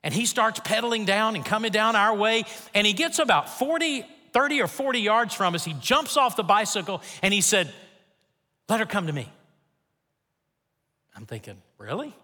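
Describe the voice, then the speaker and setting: Bright-voiced older pastor in a reverberant hall. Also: male voice, sits high, fairly quick, few pauses. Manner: earnest, animated storytelling with scripture reading. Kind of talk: sermon with personal storytelling. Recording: long reverb of a large hall.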